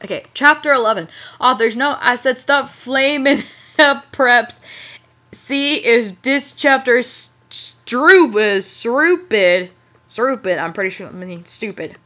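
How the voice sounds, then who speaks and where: A woman's voice: fairly high pitch, measured pace, pushed and bright. A young woman reading a badly written story aloud with incredulous, giggly, exasperated commentary. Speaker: host, fanfiction reader. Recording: muffled lo-fi audio.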